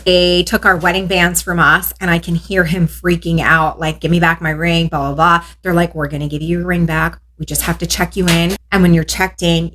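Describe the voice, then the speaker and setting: A woman with a low-set voice tells her own story in a casual vlog. She talks straight to the camera and acts out the voices of the other people in the story. She sounds like she is in her thirties. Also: fairly bright tone. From New York State.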